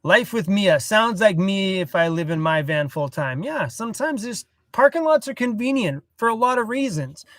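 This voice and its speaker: A laid-back man with a fairly high voice rambles through a casual phone livestream from inside his parked van. The sound is dry and close, with no room echo. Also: animated, normal speed, hardly any pauses, a bit bright. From Canada. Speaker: van life vlogger. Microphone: cell phone.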